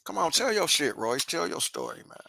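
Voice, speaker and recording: A woman's voice: low-pitched, big pitch swings, a little fast, gravelly, sharp tone, no echo. A woman hosting a reaction channel, commenting bluntly with heavy profanity and repeating her points.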